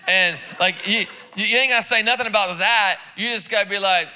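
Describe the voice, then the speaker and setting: A man's voice: high-pitched, brisk, sharp tone, clear, resonant tone. A man preaching a sermon in church, casual and joking, with lots of repeated words and restarts. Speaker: pastor. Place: church service.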